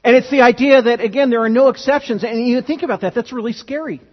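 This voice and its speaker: A man's voice: extremely high pitch, fast talker, slightly rough. A man preaching a sermon, earnest and emphatic, often restarting his phrases. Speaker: pastor. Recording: dull, lo-fi sound with long hall reverb.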